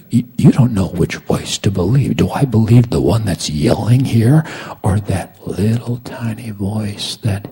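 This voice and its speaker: A middle-aged preacher with a deep, gravelly voice and a raspy edge. He tells his sermon story slowly, dropping into hushed whispers and then building back up to loud, dramatic lines.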